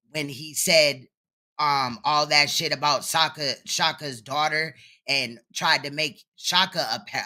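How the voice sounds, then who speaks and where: A woman's voice: sits low, bright, forceful tone. A woman hosting reaction commentary, blunt, mocking and profane. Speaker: commentary host.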